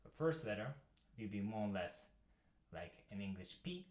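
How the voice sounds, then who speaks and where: A man's voice: on the low side, lively intonation, moderate pace, darkish tone. A young man with a Russian accent teaching an online language lesson, explaining step by step as he writes. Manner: explains step by step, writing on a board.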